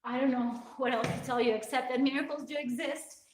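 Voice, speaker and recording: Tearful high-voiced woman in echoey room. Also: steady tone, brisk, distant mic, a little hiss or hum. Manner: heartfelt, rambling, earnest. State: tearful, crying. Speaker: fitness vlogger hosting a livestream. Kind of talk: emotional live-stream talk to viewers.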